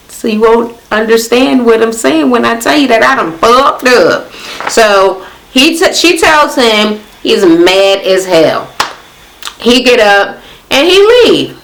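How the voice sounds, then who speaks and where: A young woman with a fairly high voice rants through a reality TV recap in a casual, sassy way. She swears freely and keeps slipping into high, mocking impressions of the cast. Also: lively intonation, a little slow, a bit bright, low-quality recording.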